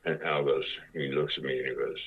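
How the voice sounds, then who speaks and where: A man's voice: extremely low pitch, fairly quick, breathy edge, narrow, tinny audio. A man in his sixties, an actor and podcast guest, telling anecdotes casually and acting out other people's lines. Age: 60s.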